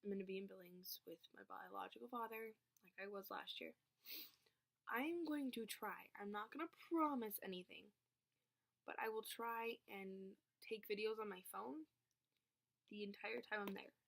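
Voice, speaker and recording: A woman's voice: medium pitch, moderate pace, creaky, fairly bright tone. A teenage girl chatting casually in a vlog, rambling through stories with lots of fillers. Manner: rambling storytelling, filler-heavy, laughs when angry. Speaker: vlogger.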